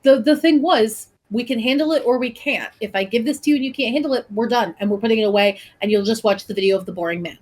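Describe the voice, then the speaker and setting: A woman's voice: a little high, darkish tone. Chatty young woman podcast co-host. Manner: chatty, quick asides, laughs often. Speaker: teacher. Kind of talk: casual chat.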